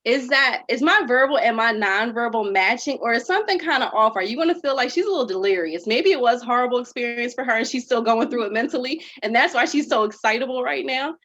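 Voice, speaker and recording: A woman teaching kids in an upbeat, animated virtual after-school lesson, sometimes reading a passage aloud. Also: fairly high pitch, quick pace, hardly any pauses, no room sound, lo-fi sound.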